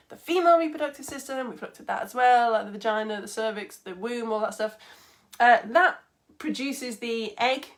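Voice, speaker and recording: Bubbly chatty woman science teacher. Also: fairly high pitch. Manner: chatty, bubbly, greets viewers by name. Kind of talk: live online lesson for children.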